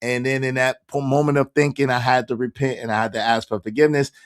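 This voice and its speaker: A hoarse man, hosting a casual livestream and shouting out his viewers by name. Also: mid-range voice, steady tone, fast talker. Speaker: livestream host reading chat.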